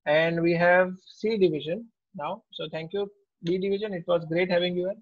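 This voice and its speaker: A man, a teacher taking attendance in an online class in a slow, unhurried way. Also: high-pitched, steady tone. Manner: slow, unhurried roll call. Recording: tinny, phone-like audio.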